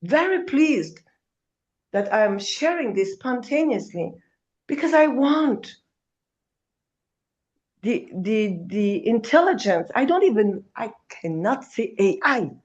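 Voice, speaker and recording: A woman's voice: a little high, very animated, takes it slowly, pauses often, a little mellow, dull audio. A woman speaking as a gives an impassioned spiritual talk, emphatic, calling her listener darling and now and then swearing.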